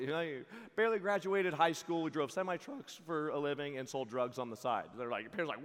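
Animated man preaching at a youth camp. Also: fairly high pitch, brisk. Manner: animated storytelling with quoted voices and laughter. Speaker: camp speaker. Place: large hall before a live audience. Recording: hall reverb.

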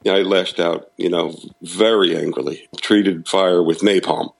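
A man's voice: low-pitched, fairly even intonation, unhurried, vocal fry, poor audio. A middle-aged man candidly telling a personal recovery story, frank and self-deprecating, laughing at himself now and then. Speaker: guest sharing recovery story.

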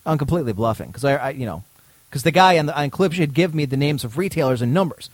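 Podcast co-host, male, lively raconteur who plays out the dialogue himself, voice sits a bit high, dry recording. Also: fast, no echo. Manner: animated, acts out both sides of dialogue, swears freely. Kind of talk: casual storytelling chat.

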